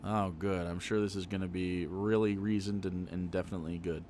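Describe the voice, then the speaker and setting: A man's voice: deep voice, little pitch movement, fairly quick, darkish tone, a little hiss or hum. A man live-streaming his reaction to a video, swearing freely, laughing and talking back at the screen.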